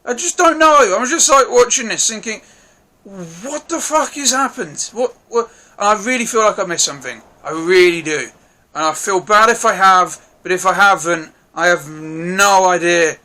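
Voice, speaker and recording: A man gives a casual, rambling film review, frank and quick to swear, often hedging and apologizing in case he missed something. His voice is on the high side, pushed and bright.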